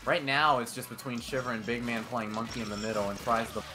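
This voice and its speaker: A man's voice: medium pitch, fast. A man co-hosting a gaming session, chatting animatedly and joking at his own expense. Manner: animated, self-mocking. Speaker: co-host gamer. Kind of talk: casual gaming chat. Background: game music.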